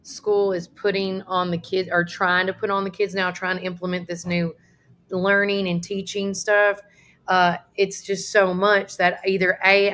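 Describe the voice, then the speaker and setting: A woman's voice: on the low side, fairly bright tone. Give me a chatty woman co-hosting a local talk stream. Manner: chatty storyteller, reads listener comments aloud. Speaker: radio co-host. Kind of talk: casual live-stream chat.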